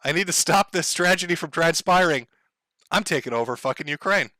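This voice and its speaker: A man's voice: fairly high pitch, expressive, a little fast, sharp tone, no echo. A man putting on the voice of an angry, blustering male head of state who curses as he talks. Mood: defiant. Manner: swaggering, cursing.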